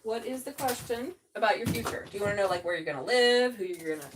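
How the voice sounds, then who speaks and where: A woman's voice: mid-range voice, lively intonation, fast talker, background noise. A woman giving a live tarot reading, chatty and laughing often, swearing freely and calling viewers babe. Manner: talks straight to viewers, calls them babe. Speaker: tarot reader.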